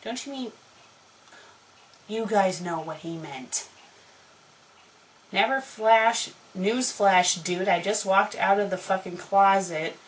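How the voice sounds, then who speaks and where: A woman's voice: on the low side, slow pace, long pauses, low-quality recording. Sarcastic woman reading fanfiction aloud. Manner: sarcastic, profane, exasperated. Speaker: fanfiction critic. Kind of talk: comedic dramatic reading with commentary.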